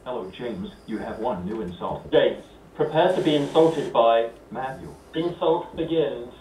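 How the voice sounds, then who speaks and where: A stand-up comedian doing a male automated phone hotline voice, slow, flat and announcing. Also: mid-range voice, echoey room, far from the mic, noisy background, voice pushed down, close to an everyday voice. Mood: deadpan robotic.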